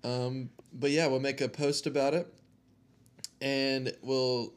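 A man's voice: medium pitch, flat delivery, slow. A man co-hosting a podcast, chatting casually and joking while tasting ice cream. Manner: upbeat, jokey, talks while eating. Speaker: podcast co-host.

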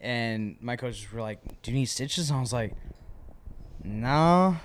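A man's voice: medium pitch, moderate pace, a little hiss or hum. A man co-hosting a comedy podcast, telling a story in casual chat, rambling with fillers and laughing easily. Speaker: podcast co-host.

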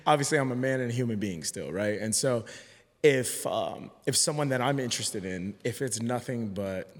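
A man's voice: mid-range voice, animated, moderate pace. A man talking as a podcast guest in a casual conversation, earnest and hesitant, often restarting his sentences. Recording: long hall reverb.

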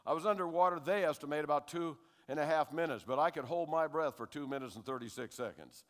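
An older American man giving a lively spoken testimony to a congregation, checking in with his listeners as he tells his story. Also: a little high, fast talker. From United States. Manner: animated storyteller who keeps checking in with the audience. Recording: long hall reverb.

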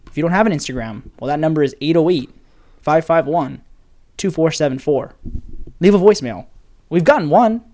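A young man with a fairly high voice co-hosts a casual podcast. He leads the segments and announcements in an upbeat, announcer-like way. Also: animated, brisk, pauses often, darkish tone. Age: young adult. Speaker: podcast co-host. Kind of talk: casual chat.

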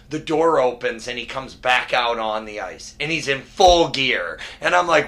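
A man hosting a hockey podcast, telling energetic stories in casual chat. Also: medium pitch, normal speed, few pauses. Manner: energetic storyteller, quotes people. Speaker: podcast host.

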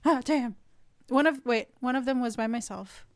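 A woman's voice: a little high, fairly quick, dry recording, clean studio sound. A young woman co-hosting a casual chat podcast, teasing and laid-back. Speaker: podcast co-host.

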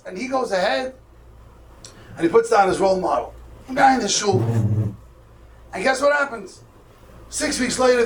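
A man's voice: high voice, a little hiss or hum. A man, acting out the voices as he tells a story at a camp. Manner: animated storyteller, acting out dialogue with sudden loud bursts. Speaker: camp speaker. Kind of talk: storytelling talk. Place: camp hall. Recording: echoey room, mic far off.

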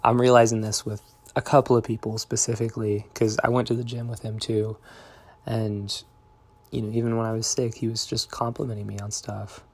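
A young man talking in a reflective, meandering, soft-spoken way in a confessional diary vlog. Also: lowish voice, level tone, a little fast, slightly rough. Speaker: vlogger.

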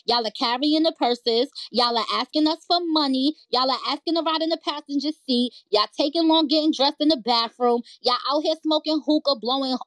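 Blunt high-voiced woman lecturing. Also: brisk, hardly any pauses, fairly bright tone, no echo. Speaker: podcast co-host. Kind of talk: casual banter.

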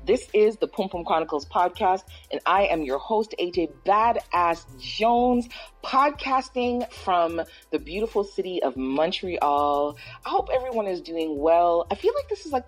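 Husky-voiced woman hosting a loose podcast. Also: medium pitch, low-quality recording. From Toronto, Canada. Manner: loose, playful, mixes in Caribbean slang. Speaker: podcast host. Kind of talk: casual chat.

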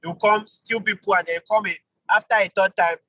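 A man teaching an online Bible study, animated, with sudden jumps in pitch for emphasis and quick apologetic asides. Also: slightly rough, dry recording, poor audio.

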